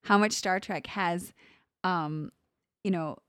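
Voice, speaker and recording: A woman's voice: on the low side, takes it slowly, a bit bright, clean tone, no room sound, studio quality. A woman co-hosting a podcast, chatting casually and teasing her co-host with lots of fillers and laughs. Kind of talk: casual chat.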